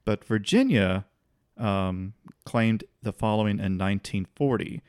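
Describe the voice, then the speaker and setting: Co-hosting a podcast, a man with a smooth, lowish voice speaks a little slowly as he casually tells a history story. He's relaxed, restarts now and then, and laughs occasionally; the studio sound is clean with no room echo.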